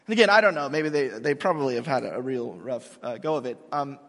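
A man's voice: mid-range voice, lively intonation, a little fast, creaky, fairly bright tone. A man in his thirties, a pastor giving a sermon in a large hall, talking in a casual, self-mocking, conversational way.

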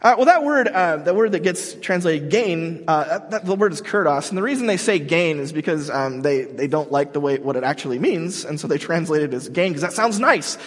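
A man's voice: a little high, expressive, a little fast, few pauses. A man preaching a sermon in a casual, joking, storytelling way, as the pastor of the congregation. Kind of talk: conversational sermon. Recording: long hall reverb.

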